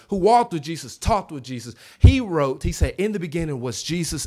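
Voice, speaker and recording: Guy preaching at a church revival, bit high voice, lively, acts out the voices, gets the crowd to answer back. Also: moderate pace, hardly any pauses. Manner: animated, acts out quoted voices, calls for congregation responses. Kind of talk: revival sermon. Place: church sanctuary.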